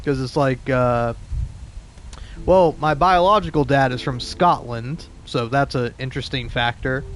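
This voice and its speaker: An unhurried, mid-range voice belongs to a young let's play host in his twenties from the southeastern United States, speaking with an East Coast American accent. His casual gameplay commentary rambles, curses freely, and is full of restarts.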